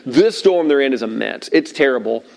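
A middle-aged man preaching to a room of listeners at tables, telling a story in a lively way and acting out the lines he quotes. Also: mid-range voice, normal speed, vocal fry. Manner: animated storyteller, acts out shouted quotes. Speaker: pastor. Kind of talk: sermon with personal story.

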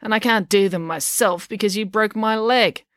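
A woman's voice: mid-range voice, moderate pace, a bit bright, dry recording, clean studio sound, pitched above the performer's own voice, natural voice. A woman voicing a grumpy, bossy old woman on crutches who snaps and scolds. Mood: scolding. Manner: snappish, scolding.

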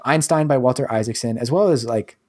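A man's voice: mid-range voice, a little fast, a little mellow. Brief: man, podcast host, mid-range voice, loose and rambling. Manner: rambling, heavy use of 'like' and 'um'. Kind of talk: casual podcast chat.

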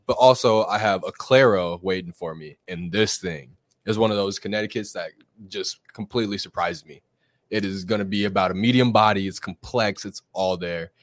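A man's voice: deep voice, moderate pace, dry recording. A man co-hosting a live chat, giving casual tasting notes in an easygoing way. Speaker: co-host.

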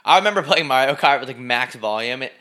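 A man's voice: medium pitch, expressive, quick pace, bright, forceful tone. A young man co-hosting a podcast, making goofy, mock-serious jokes in crude casual banter. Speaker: podcast co-host.

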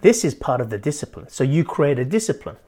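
A man's voice: on the high side, fast talker. Man coaching, keeps asking "right?". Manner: keeps adding "right?", animated. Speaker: life coach and podcast host. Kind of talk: motivational podcast talk.

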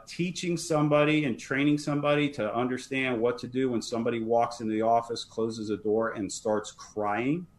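A man guest on a podcast interview, talking earnestly and emphatically, often repeating words as he starts a sentence. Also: mid-range voice. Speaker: fire service leadership trainer, guest.

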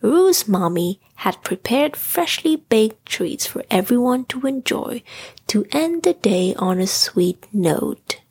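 A woman narrating a bedtime story in a soft voice, often slipping into a whisper. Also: fairly high pitch, very animated, slow pace, slightly rough.

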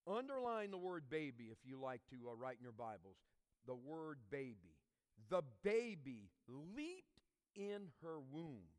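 Male pastor preaching a sermon, fairly high voice, long church reverb, emphatic then hushed. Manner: expressive preaching, swings from loud emphasis to hushed asides. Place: church sanctuary.

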